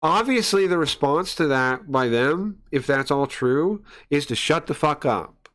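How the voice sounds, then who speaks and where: A man's voice: fairly high pitch, lively intonation, measured pace, a bit bright. A man streamer ranting live, heated and profane, with stumbling restarts and scoffing laughs. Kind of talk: profane livestream rant.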